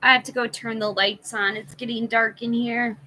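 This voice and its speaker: A woman hosting a live tarot reading, listing card meanings in an unhurried way and greeting viewers in the chat. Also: fairly high pitch, level tone, bright, forceful tone, slight background noise, poor audio.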